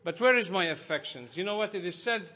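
A man's voice: sits high, expressive, brisk, sharp tone. A man preaching a sermon to a congregation, earnest and growing emphatic.

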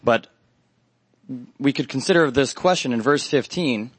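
A man preaching a Bible study sermon in a measured, earnest way, pausing often with fillers. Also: mid-range voice, breathy edge, no echo.

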